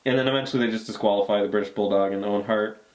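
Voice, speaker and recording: Relaxed man plainly recapping. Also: lowish voice, racing. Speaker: podcast co-host. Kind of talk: casual chat recapping wrestling.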